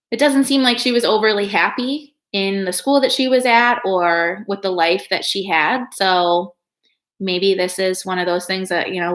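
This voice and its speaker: A woman reading a children's novel aloud, in a calm and steady storytelling manner. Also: mid-range voice. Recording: echoey room.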